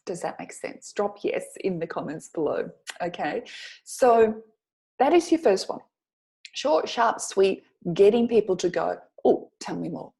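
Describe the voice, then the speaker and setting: Mellow-voiced woman coaching with check-ins. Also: medium pitch, expressive, unhurried, creaky. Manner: encouraging, frequent "okay?" check-ins. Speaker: business coach. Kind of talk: coaching lesson to camera.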